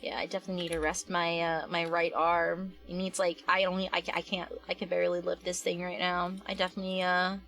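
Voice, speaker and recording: A woman's voice: fairly low pitch, level tone, fast talker, few pauses, a bit bright. A young adult woman chatting casually on a live stream while she works, rambling with lots of fillers and restarts and answering her chat.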